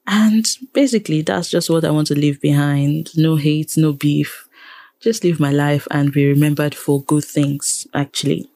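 A woman's voice: low voice, warm tone, no room sound. A Nigerian woman, a radio presenter, talking animatedly in a casual interview and repeating phrases for emphasis. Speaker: radio presenter and programmer, guest.

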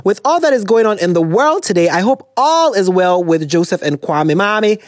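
A man from Ghana with a Ghanaian accent, hosting a podcast and reading out listener letters in casual, animated chat that slips into Twi. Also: high voice, moderate pace, no room sound, studio quality. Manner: animated, switches into Twi, laughs often.

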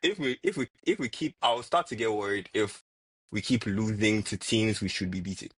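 A man talks football casually as a podcast co-host. His voice sits low and sounds husky. He gets animated and repeats words when he argues, and the sound is dry. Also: normal speed, dry recording.

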